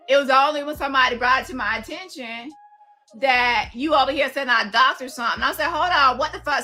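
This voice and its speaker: High, bright-voiced woman ranting. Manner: profane, confrontational, calls out. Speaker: commentary host. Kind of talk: heated commentary rant.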